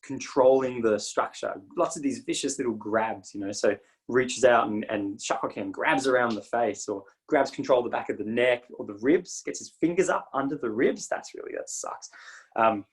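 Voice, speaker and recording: A man's voice: mid-range voice, moderate pace. A man in his forties teaching martial arts philosophy in a loose, rambling way, laughing often and trailing off mid-sentence. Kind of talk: informal teaching talk.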